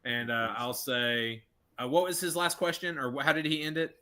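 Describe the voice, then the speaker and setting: Bright-voiced man playing a tabletop game. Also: medium pitch, moderate pace. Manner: chatty, thinks aloud, joking. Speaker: player.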